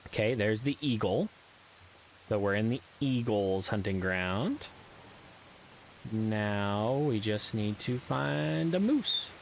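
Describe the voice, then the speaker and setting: A man's voice: fairly low pitch, animated, takes it slowly, gravelly, a little hiss or hum, low-quality recording. A man giving casual, rambling commentary while playing a video game, with frequent ums and uhs and self-deprecating asides. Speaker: let's play gamer.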